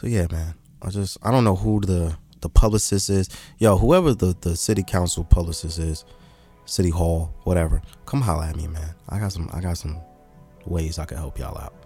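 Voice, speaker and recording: A man hosting a podcast in casual, slangy chat, animated and teasing. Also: normal speed, breathy edge, faint music behind. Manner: slangy, animated, mocks others in a high squeaky voice. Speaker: podcast host.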